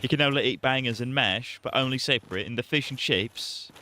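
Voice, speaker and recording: A man voicing a loud, exasperated British father, ranting in a put-on accent that slips toward Irish. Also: medium pitch, brisk, close to an everyday voice. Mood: blustering. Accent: put-on British, drifting toward Irish. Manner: blustering, ranting, exaggerated disbelief. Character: exasperated British dad, middle-aged man, loud and blustering.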